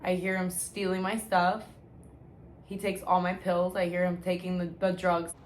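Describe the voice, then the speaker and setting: A woman vlogger speaks to camera about her sobriety, telling her story bluntly with slang, free swearing, restarts, and heavy use of "like." Her voice is on the low side, with a level tone and normal speed.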